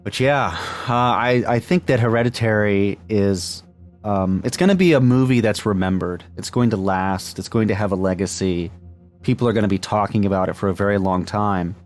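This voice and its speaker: A man's voice: fairly low pitch, moderate pace, faint music behind. A man co-hosting a movie podcast, chatting casually with many fillers and restarts and laughing often. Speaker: podcast co-host.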